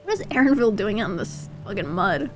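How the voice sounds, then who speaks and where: A woman streamer chatting casually while she plays a game, excitable and quick to swear. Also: mid-range voice, faint music behind. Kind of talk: casual gameplay livestream chat.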